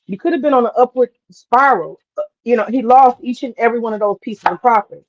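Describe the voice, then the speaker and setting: A woman talking casually on a livestream, drawling and animated as she tells a story, with asides to herself. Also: a little high, fast, muffled recording, slight background noise. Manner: animated, drawling, swears casually, mutters to herself while cooking. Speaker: host.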